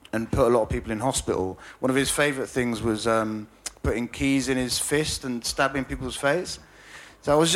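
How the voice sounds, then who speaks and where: A man's voice: mid-range voice, fairly bright tone. A man telling a rambling, self-deprecating story in casual conversation, with many stammering restarts and frequent laughter. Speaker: journalist and author guest.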